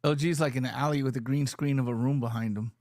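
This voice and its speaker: A man's voice: medium pitch, steady tone, fast, a crowd in the background. Man tossing dry asides on a stream. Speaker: livestream co-host. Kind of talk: casual chat on a stream.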